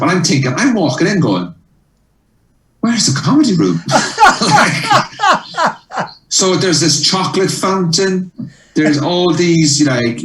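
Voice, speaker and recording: Animated male comedian telling a story. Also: a little high, roomy sound, distant mic, a little hiss or hum, low-quality recording. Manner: animated storyteller, acts out dialogue. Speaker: comedian guest. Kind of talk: telling a story in a casual interview.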